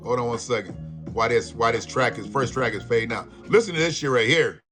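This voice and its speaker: A man hosting a live stream, ranting in a profane, animated way with laughing asides. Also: mid-range voice, fairly quick, faint music behind. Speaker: livestream host. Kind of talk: live commentary rant.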